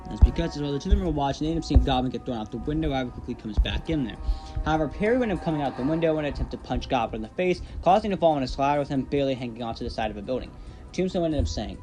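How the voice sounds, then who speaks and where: A man narrates a made-up comic adventure at a quick clip, stringing clauses together with endless linking words. His pitch sits in an ordinary middle range, and music plays steadily behind him. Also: lively intonation, dark tone, poor audio. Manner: rambling, run-on narration with many "thus" and "however". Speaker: storyteller. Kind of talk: casual story retelling.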